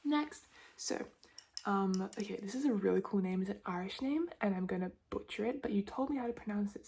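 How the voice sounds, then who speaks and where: A young Australian woman in her twenties, rambling through a whispered ASMR Q&A between soft spoken and whispered words, with lots of "like" fillers. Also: mid-range voice, a little fast, vocal fry. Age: 20s. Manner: rambling, chatty, many "like" fillers. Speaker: ASMR creator. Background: tapping clicks.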